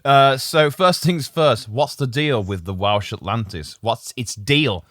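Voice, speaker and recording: A man's voice: medium pitch, measured pace, no echo, clean studio sound. A man hosting a casual comedy podcast, joking and laughing often as he tells the story. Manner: jokey, laughs often, lively delivery. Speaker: podcast host and writer.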